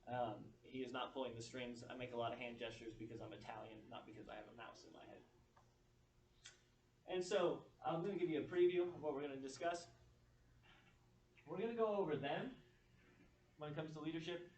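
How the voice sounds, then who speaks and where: A man's voice: medium pitch, brisk, pauses often, far from the mic, a little hiss or hum. A man giving a motivational keynote to students, telling stories and acting out what others said. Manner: storytelling, animated quoting of others. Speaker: motivational speaker. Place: large echoey room, speaking to an audience. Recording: echoey room, picked up from afar.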